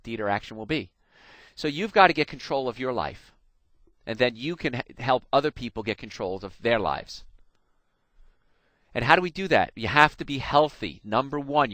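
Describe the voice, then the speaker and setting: Here a middle-aged man with a mid-range voice and a slight New Jersey accent, from that state, hosts a health show on radio. He's animated and folksy, telling stories and speaking directly to listeners, recorded dry on a studio microphone.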